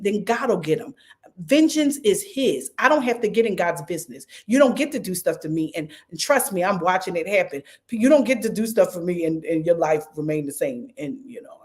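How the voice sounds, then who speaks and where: A middle-aged woman pastor with a Philadelphia accent, talking to viewers on a livestream in a lively, repetitive way and calling on them by name. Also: on the low side. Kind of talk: livestream preaching and fundraising talk.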